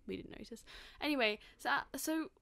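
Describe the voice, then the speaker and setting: A woman's voice: high-pitched, fairly quick, gravelly, bright, forceful tone, dry recording. A young woman co-hosting a casual podcast chat, telling stories and acting out what people said. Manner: chatty storytelling, acting out quotes. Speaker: podcast co-host.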